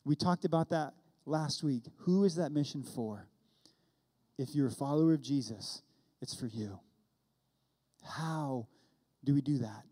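Warm and medium in pitch, the voice belongs to a pastor in his forties from California. He delivers a sermon built around a story, playing both sides of the conversation, and the room carries a long hall reverb.

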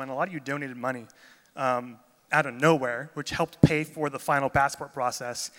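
A man's voice: fairly high pitch, pushed and bright. A man speaking as a pastor in a church gathering, chatty and enthusiastic in his storytelling, a little jet lagged. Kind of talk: casual sermon talk. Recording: long reverb of a large hall.

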